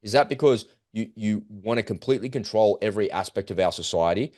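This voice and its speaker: Fast and emphatic, a man co-hosting a podcast gets heated in casual conversation and acts out the voices he quotes. His voice is lowish with a darkish tone, and the studio sound is clean with no echo.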